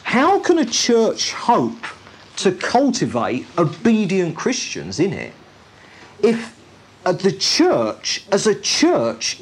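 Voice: mid-range voice, breathy edge. A preacher delivering a sermon emphatically, repeating key phrases and putting rhetorical questions to the listeners.

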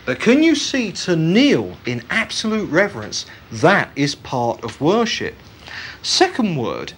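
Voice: medium pitch, wildly swooping pitch, measured pace, breathy edge. A preacher giving an emphatic Bible teaching sermon, often putting rhetorical questions to the congregation.

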